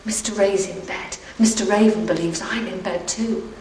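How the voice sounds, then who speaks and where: An actress plays a young woman urging someone to keep quiet and follow her. She is heard from far off in a roomy space, with strong tape hiss over her voice. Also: fairly high pitch, unhurried, close to an everyday voice. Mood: urgent. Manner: hushed, urgent. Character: frightened young woman, secretive. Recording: roomy, distant, noisy VHS audio.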